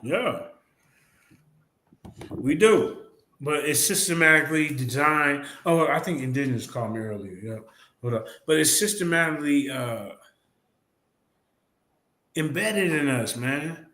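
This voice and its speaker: A man's voice: fairly high pitch, animated, measured pace, pauses often, bright, forceful tone, roomy sound. A man hosting a casual live stream talk, loose and repetitive, swearing casually. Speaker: host.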